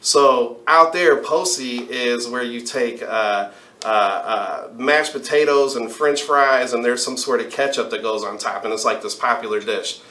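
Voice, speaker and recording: A man with a mid-pitched voice, co-hosting a podcast and telling a story with lively energy. He keeps it casual and chatty. His voice rings a little in an echoey room. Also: a little slow. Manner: animated storyteller, jumps into high voices for quotes. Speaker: podcast co-host. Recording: roomy room sound.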